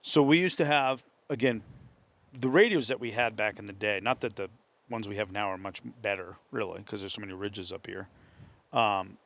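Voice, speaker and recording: A man's voice: fairly low pitch, moderate pace, fairly bright tone. A man with a New England accent telling a hunting story in casual talk among friends, acting out the voices of others. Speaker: host. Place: hunting camp.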